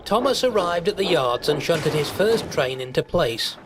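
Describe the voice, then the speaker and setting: A man giving an expressive, measured storybook narration. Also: on the high side. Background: music.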